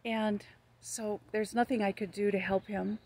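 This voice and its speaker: A woman's voice: medium pitch, steady tone, a little slow, a little mellow. Older American woman, earnest street evangelist telling her stories, filmed outside on a hot day. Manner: earnest, storytelling with quoted dialogue. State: hot, red-cheeked in a heat wave. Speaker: evangelist vlogger. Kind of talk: casual testimony vlog. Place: outdoors in the shade of a tree.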